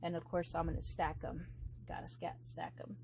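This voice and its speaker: A woman's voice: lowish voice, level tone, moderate pace, darkish tone, slight background noise, poor audio. A woman vlogging as she quilts, rambling and blunt, swearing freely as she works through her steps. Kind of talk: casual chat while crafting.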